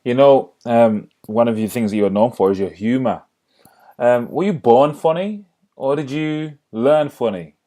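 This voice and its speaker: A man's voice: mid-range voice, a little slow, dark tone. A man hosting a podcast, asking questions and murmuring short acknowledgments. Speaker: podcast host. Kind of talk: interviewing.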